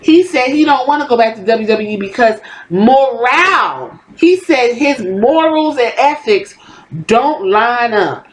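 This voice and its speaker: Woman, podcast host, profane heated rant, higher voice. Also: animated, unhurried, a little hiss or hum, low-quality recording. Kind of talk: opinionated commentary rant.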